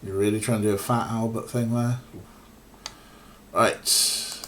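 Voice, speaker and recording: A man's voice: lowish voice, steady tone, unhurried, fairly bright tone, slight background noise. A young man streaming an old adventure game, giving sarcastic, swearing commentary. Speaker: let's play streamer. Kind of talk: casual gameplay commentary.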